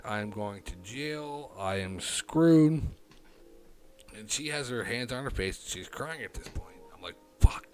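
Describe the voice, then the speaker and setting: Streamer guy, mid-pitched, cussing his way through a rambling story, quiet one moment and loud the next. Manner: profane, rambling anecdote with frequent fillers; animated, swings between hushed and loud. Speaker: livestream host. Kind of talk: casual livestream storytelling.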